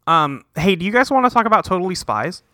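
A man's voice: high-pitched, big pitch swings, quick pace, bright, forceful tone, slight background noise. A man hosting a casual podcast, recapping a cartoon episode in a laid-back way with lots of fillers. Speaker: podcast host.

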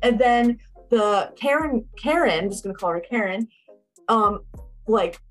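A woman's voice: a little high, animated, measured pace, faint music behind. A young woman casually recapping a movie, blunt and chatty, swearing freely and saying "like" often.

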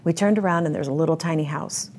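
A woman's voice: low-pitched, quick pace, darkish tone, slight background noise. A woman giving a candid interview, telling her story bluntly and vividly. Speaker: interview guest.

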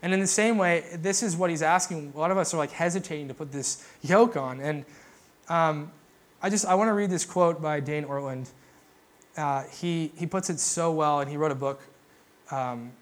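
A young adult man giving a sermon in a relaxed, conversational way, full of fillers and restarts. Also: on the high side, normal speed. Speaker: pastor.

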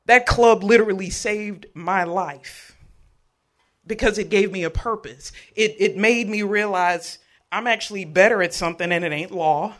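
High, bright-voiced storyteller. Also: male voice, moderate pace. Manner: animated, joking with the audience. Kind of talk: live storytelling performance. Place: live event venue.

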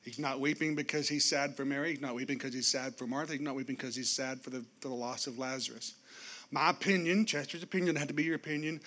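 A man preaching a sermon, swinging from loud declarations to hushed, quiet passages. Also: fairly high pitch. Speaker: pastor.

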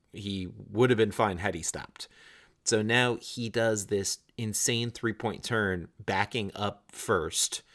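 A man's voice: low-pitched, pushed and bright. A man in his thirties telling a casual, rambling anecdote with frequent restarts and some swearing.

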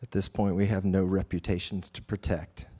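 A man leading a slow, hushed guided prayer meditation, sometimes dropping to a whisper. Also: low voice, little pitch movement, slightly rough.

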